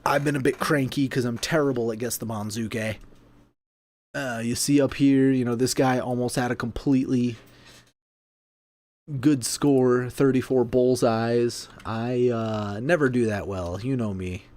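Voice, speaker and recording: A man's voice: medium pitch, fairly even intonation, measured pace, darkish tone. A man hosting a casual livestream from home, chatty and self-deprecating, laughing often and eating between remarks. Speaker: sumo livestream host.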